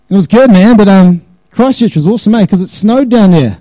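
Laid-back New Zealand man, fairly high voice. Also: lively intonation, fairly quick, dark tone, low-quality recording. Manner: chatty and laid-back, many fillers and "eh", "man". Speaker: presenter to a live audience. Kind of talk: casual talk to a live audience. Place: venue with a live audience. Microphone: handheld mic held close to the mouth.

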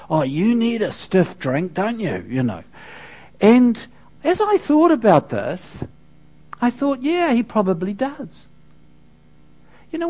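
A man, a pastor preaching a sermon in a conversational, storytelling way with frequent asides to the congregation. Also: high-pitched.

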